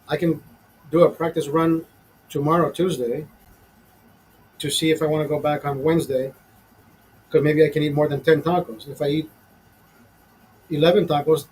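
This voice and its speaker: A man's voice: fairly high pitch, a little mellow, slight background noise, low-quality recording. Profane fifty-year-old man ranting. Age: 50s. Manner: profane, exasperated, rambling. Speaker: show host. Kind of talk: casual storytelling rant. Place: small studio.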